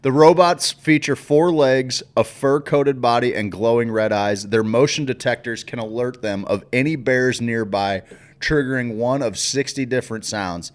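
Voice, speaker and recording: A man's voice: medium pitch, moderate pace. A man co-hosting a morning talk show, reading news and trading dry remarks. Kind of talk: casual chat.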